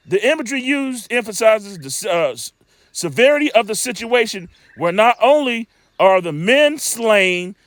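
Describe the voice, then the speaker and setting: Man, informal scripture teacher, high lively voice, stammering, emphatic, dry close sound. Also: no room sound. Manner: rambling, stammering, emphatic and streetwise.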